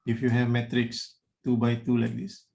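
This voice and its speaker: A man's voice: medium pitch, completely flat delivery, moderate pace, creaky, a little mellow. Man, malaysian english accent, engineering lecturer, explains step by step, calls on students. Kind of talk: online class lecture.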